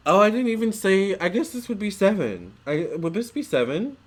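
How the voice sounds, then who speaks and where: A man's voice: high-pitched, sing-song, moderate pace. A young man vlogging in a chatty, gushing way, full of fillers and restarts. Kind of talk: casual storytelling vlog.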